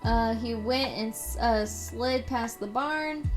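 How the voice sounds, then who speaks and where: Female streamer, high voice, casual spooky story retelling with swearing and tangents. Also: slow, soft background music. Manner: profane, rambling commentary. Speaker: live streamer. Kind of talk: casual reading of a scary story.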